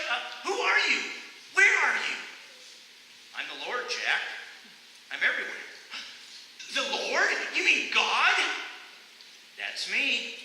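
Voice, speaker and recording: A male pastor delivers a sermon in a church, telling his story with lively swings of pitch and a bright tone, often restarting his words. He sounds distant, in a roomy hall with a long echo and a faint background hiss. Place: church sanctuary. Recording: echoey church hall from afar.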